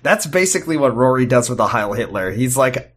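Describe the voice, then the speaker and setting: A man's voice: mid-range voice, animated, fairly quick, a bit bright, slight background noise. A man cohosting a podcast in casual chat, sarcastic and joking, with a lot of fillers and throwaway mock voices.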